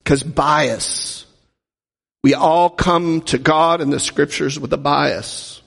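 A man's voice: a little high, slow pace, gravelly, a bit bright, big-room sound. A man preaching a teaching sermon, talking in a conversational way and often asking the audience questions. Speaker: pastor teaching a Bible class.

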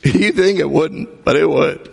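Gravelly preacher in a reverberant hall. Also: male voice, on the high side, measured pace. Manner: conversational preaching with jokes and acted-out quotes. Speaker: pastor. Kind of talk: sermon.

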